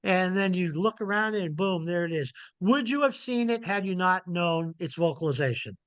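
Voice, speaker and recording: A man's voice: sits high, animated, moderate pace, fairly bright tone, clean tone, no room sound. A middle-aged man, an owl researcher, giving a casual, folksy online lecture that keeps returning to its key points. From Montana. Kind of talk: informal illustrated lecture.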